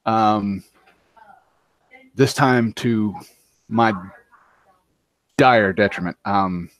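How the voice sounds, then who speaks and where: A man narrates his character's moves in a tabletop role-playing game. He speaks very slowly in a low voice, hesitating with frequent fillers, and the sound is dry and close. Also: no room sound. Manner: halting, many ums. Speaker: player.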